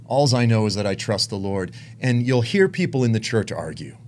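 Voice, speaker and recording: Guy preaching his testimony, super animated pitch, goes quiet then gets intense. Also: moderate pace, slight background noise. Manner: emotional storytelling, swings from hushed to intense. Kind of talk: sermon testimony.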